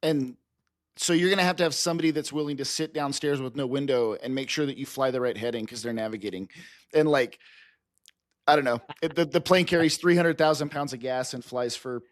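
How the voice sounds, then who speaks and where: A man's voice: medium pitch, a little fast, no echo. Enthusiastic male podcast co-host, dry sound. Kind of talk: casual podcast chat.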